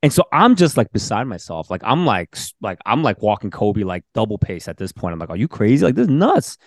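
A man's voice: fairly low pitch, brisk, dry recording, clean studio sound. A man hosting a podcast interview, telling a story casually and acting out the voices he quotes. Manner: animated, acts out quoted voices. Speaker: senior pastor and podcast host.

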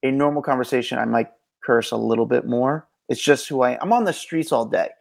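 A man co-hosting a celebrity news podcast in a rambling, animated casual chat, often correcting himself. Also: mid-range voice, brisk, vocal fry. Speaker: co-host and street reporter.

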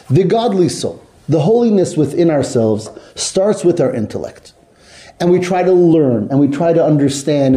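A man's voice: on the high side, warm tone. A man teaching a text study class to students, explaining step by step and putting questions to the class. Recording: echoey room.

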